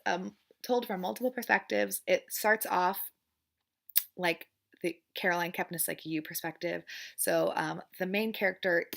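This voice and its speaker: Young woman with a gravelly, bright voice. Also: fairly low pitch. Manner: rambling, many fillers and restarts, repeats "frustrating"; chatty, laughs often. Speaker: book vlogger. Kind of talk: casual monthly book wrap-up.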